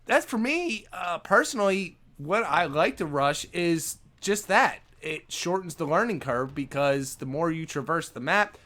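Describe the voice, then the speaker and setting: A man hosting his own gaming channel, talking through a casual rant with loose filler like "man" and "you know." His voice sits a little high and swings widely in pitch as he gets worked up. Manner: animated, conversational, lots of "man" and "you know". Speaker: gaming YouTuber.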